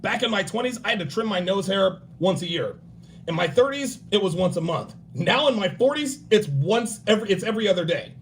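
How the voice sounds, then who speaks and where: A man in his forties hosting a livestream, giving blunt, profane dating and grooming advice and acting out other people in quick bursts. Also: high voice, animated, slight background noise. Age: 40s. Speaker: livestream host.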